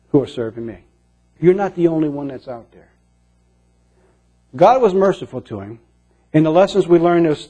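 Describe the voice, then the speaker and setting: A man preaching a sermon in an earnest way, moving between emphatic lines and hushed ones. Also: fairly high pitch, breathy edge. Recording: dull lo-fi recording.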